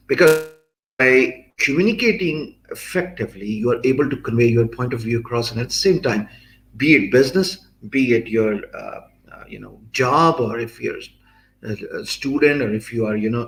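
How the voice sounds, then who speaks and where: A man hosts a live-streamed interview, his voice gravelly with frequent vocal fry. He speaks in a measured way, pausing on "uh" as he sums up what his guest has said. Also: mid-range voice, a little hiss or hum, rough recording. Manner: measured, many "uh" fillers, summarizes guest. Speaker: show host.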